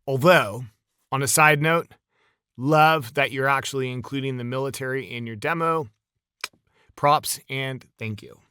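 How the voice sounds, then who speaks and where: A man coaching voice actors, giving a casual, chatty critique of a demo with quick bursts of praise. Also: mid-range voice, sharp tone, clean tone, no echo, clean studio sound.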